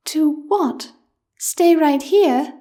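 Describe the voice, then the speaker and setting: A woman's voice: high voice, drawn-out words, dark tone, voice pushed up. A woman narrator voicing a kind mother who soothes her frightened little daughter affectionately. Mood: soothing. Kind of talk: audiobook character voice.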